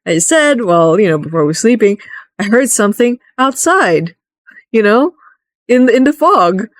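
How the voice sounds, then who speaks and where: A woman's voice: a little high, big pitch swings, normal speed, dry recording, clean studio sound, voice pushed up. A woman voicing a jumpy man fond of drink, defensively explaining himself.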